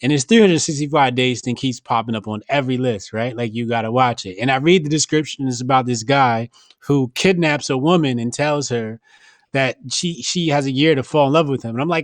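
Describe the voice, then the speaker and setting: A man trades blunt, slangy banter in a casual podcast chat. His voice sits mid-pitch and sounds dry and close, with no room around it. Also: a little fast, no room sound. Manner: blunt, slangy, animated banter, laughs often. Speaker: podcast host.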